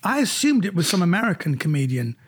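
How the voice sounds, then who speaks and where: A middle-aged man, a comedian, recounting anecdotes in an animated way during an interview. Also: quick pace, breathy edge. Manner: animated anecdotes, jumps higher when quoting others. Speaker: comedian guest. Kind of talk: storytelling in an interview.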